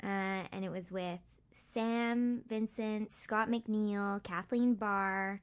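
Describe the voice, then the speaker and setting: A woman's voice: mid-range voice, fairly even intonation, drawn-out words, clean tone. Woman, young adult, from Canada, interview guest, playful, giggly, mid-range voice. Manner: giggly, playful, self-deprecating. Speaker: guest voice actress. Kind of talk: casual interview chat.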